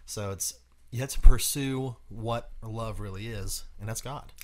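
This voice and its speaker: A man's voice: lowish voice, measured pace, darkish tone. A man co-hosting a podcast in casual chat, speaking earnestly and conversationally. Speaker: podcast co-host.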